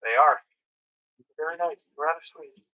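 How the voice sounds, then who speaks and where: A man's voice: a little high, unhurried, phone-quality sound. A man hosting hockey game commentary, playful and joking, with mock sponsor reads. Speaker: hockey broadcast host. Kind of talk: comedic live game commentary.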